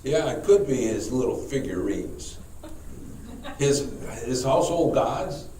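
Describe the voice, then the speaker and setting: Male priest, Bible study teacher, halting, repeats words, slow, mellow tone, echoey room, distant mic, faint noise. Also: medium pitch, animated. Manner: halting, repeats words, asks the class questions.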